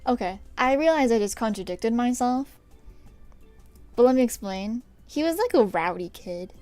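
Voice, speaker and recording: A woman's voice: a little high, lively intonation, moderate pace, darkish tone, no room sound, faint music behind. A young woman streaming herself painting her nails, chatting with viewers in a rambling, self-deprecating way. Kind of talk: casual chat while painting nails on stream.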